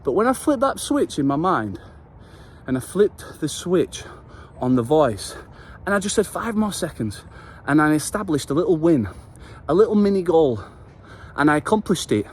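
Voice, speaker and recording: Post-workout, this vlogger speaks in a slightly high, very animated voice at a moderate pace, giving an earnest, impassioned motivational talk with the odd swear word. A bit of hiss or hum is present.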